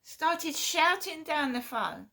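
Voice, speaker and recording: A woman vlogging in a casual monologue, halting and repeating herself with an aggrieved tone. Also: sits high, expressive, bright, forceful tone.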